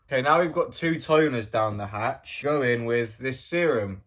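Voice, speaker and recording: A man chatting casually to camera in a vlog. He rambles and jokes at an ordinary, mid-range pitch. His voice often sinks into quiet, mumbled asides. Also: normal speed, hardly any pauses. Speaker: vlogger.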